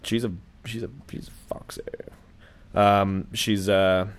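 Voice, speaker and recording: A young man with a lowish voice chats through a casual podcast, winding his way through a story. He hesitates, restarts, and leans on filler words as he thinks aloud. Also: level tone, slight background noise. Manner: rambling, halting, lots of "like" and restarts. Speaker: podcast co-host. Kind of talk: casual chat.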